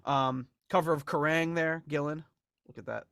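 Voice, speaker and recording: A man's voice: a little high, fairly even intonation, moderate pace, vocal fry, a bit bright, clear, resonant tone, no room sound, studio quality. A man co-hosting a podcast in casual chat, rambling with frequent restarts and laughs. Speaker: podcast co-host. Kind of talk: casual chat about album memorabilia.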